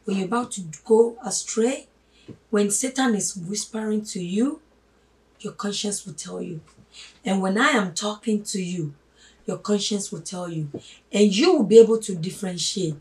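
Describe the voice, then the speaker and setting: A woman giving a spoken sermon, emphatic, swinging from loud stresses to hushed asides and calling listeners her brothers and sisters. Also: mid-range voice, normal speed. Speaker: religious teacher. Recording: voice a little distant from the mic.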